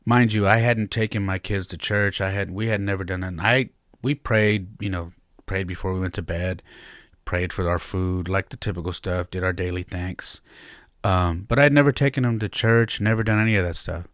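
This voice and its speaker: Male podcast host, 30s, deep voice, candid and reflective storytelling, dry close sound. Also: steady tone, moderate pace, a bit bright, dry recording. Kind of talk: personal storytelling.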